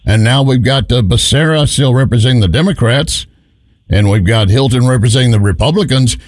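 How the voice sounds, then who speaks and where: A man's voice: medium pitch, a little fast, darkish tone, no echo, studio quality. A man hosting a political talk radio show, asking probing questions and laughing often. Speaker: radio host.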